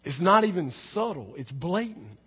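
A man preaching a sermon as pastor, emphatic, swinging between loud exclamations and quiet low lines. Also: sing-song, moderate pace, slightly rough. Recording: dull sound with long hall reverb.

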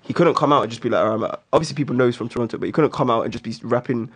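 A man's voice: medium pitch, very fast, fairly bright tone, breathy edge. A man co-hosting a casual chat, arguing his point insistently with plenty of slang.

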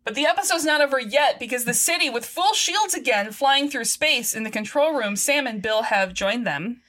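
A woman co-hosting a podcast, recapping a TV episode with lively, playful energy. Her voice sits a little high with a bright, forceful edge. She laughs easily and acts out the characters' lines as she goes. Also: moderate pace. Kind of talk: casual chat.

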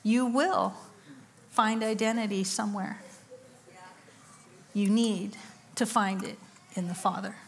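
A woman's voice: medium pitch, fairly even intonation, slow, creaky, long pauses. A middle-aged woman giving a sermon, telling a story with quoted voices and laughing asides. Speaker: conference speaker. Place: church or conference hall.

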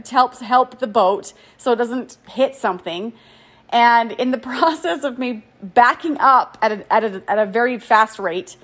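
Fortysomething woman telling a story, chatty, pokes fun at herself, kinda high voice. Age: 40s. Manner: chatty, animated, self-deprecating with frequent "like". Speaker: podcast host. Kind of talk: casual storytelling monologue.

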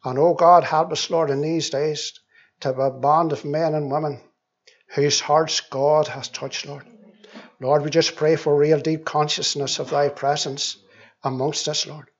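A man with a somewhat high voice reads scripture and leads prayer at a church meeting. He speaks very slowly and deliberately, circling back to the same words as he prays. The recording is dull and lo-fi. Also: little pitch movement. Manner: slow and deliberate, with frequent repeated words in prayer. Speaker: church speaker giving his testimony. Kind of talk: Bible reading, prayer and testimony.

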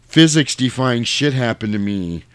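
A man's voice: mid-range voice, expressive, unhurried, fairly bright tone, clear, resonant tone, dry recording. A man on a podcast casually recapping a movie, acting out the characters' lines as he goes. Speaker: podcast co-host recapping a film. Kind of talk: casual chat.

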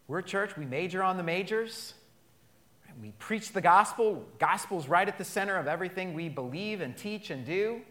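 A male pastor preaches to his congregation in a voice pitched a little high for a man. He calls out for responses and swings between loud emphatic lines and quiet, hushed asides. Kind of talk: sermon.

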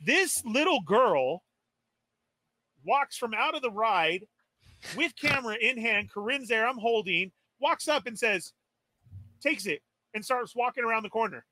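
A man's voice: very high-pitched, lively intonation, a little slow, pushed and bright, no room sound. A man animatedly telling a story on a live stream podcast, exasperated and acting out his own quotes. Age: adult. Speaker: toy podcast co-host.

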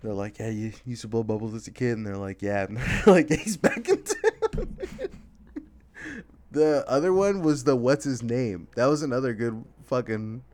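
Lively laughing man on a podcast. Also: medium pitch. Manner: laughs often, acts out friends in quick voices. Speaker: podcast host. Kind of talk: casual chat.

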